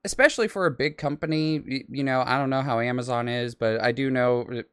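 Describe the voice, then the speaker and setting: A man's voice: mid-range voice, fairly quick, a bit bright, smooth, no echo, studio quality. A man hosting a reaction video, commenting on clips in an irritated, ranting way.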